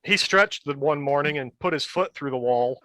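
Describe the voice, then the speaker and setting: A bright, clear-voiced man in his fifties chats on a podcast, rambling through old stories. He restarts his sentences often and laughs as he goes. The sound is close and dry, with no room around him. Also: fairly high pitch, moderate pace, no room sound. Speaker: podcast guest, metal band member. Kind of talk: casual storytelling chat.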